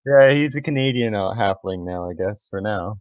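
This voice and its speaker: A man playing a tabletop game, describing his character in a halting way with many fillers. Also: lowish voice, animated, highs cut off, very noisy. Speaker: player.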